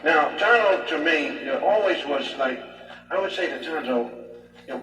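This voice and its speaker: A man telling rambling, animated stand-up stories, recorded from a distance in a roomy space. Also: on the high side, a little fast. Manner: rambling, animated, leans on 'you know'. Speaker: stand-up comedian. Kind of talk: stand-up storytelling. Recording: echoey distant live recording with music.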